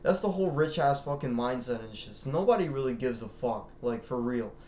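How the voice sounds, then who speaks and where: A man's voice: mid-range voice, animated, a little fast, mellow, echoey room, slight background noise. A man ranting casually as a vlogger, rambling and boastful, swearing constantly. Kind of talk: casual rant to camera.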